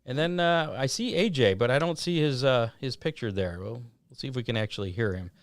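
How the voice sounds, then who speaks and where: A man's voice: medium pitch, no room sound. Host of a racing talk show, man, resonant voice, dry sound. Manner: relaxed, halting with fillers. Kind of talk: casual interview hosting.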